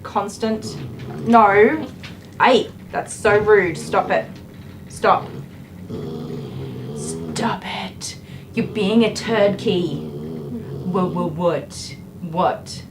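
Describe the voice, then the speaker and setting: A woman's voice: medium pitch, background noise. An Australian woman grooming a dog on a live stream, coaxing it in a soothing way while chatting to her viewers.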